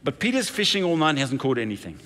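A man's voice: fairly high pitch, fast. Man preaching in a reverberant hall. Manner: conversational, animated storytelling. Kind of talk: sermon.

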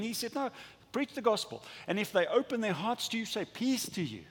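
A male pastor preaches with lively energy, slipping into voices for small imagined exchanges and tripping over his own restarts. His voice sits fairly high for a man and comes across a little husky. The sound carries a long reverb from a big church hall. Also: brisk, few pauses. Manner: animated, acts out little dialogues with stammering restarts. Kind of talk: sermon.

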